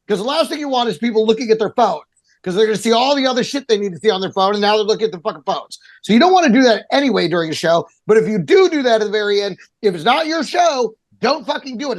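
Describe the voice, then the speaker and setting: A man who is a stand-up comedian, telling heated, profane stories in casual podcast chat and acting out the people he quotes. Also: high-pitched.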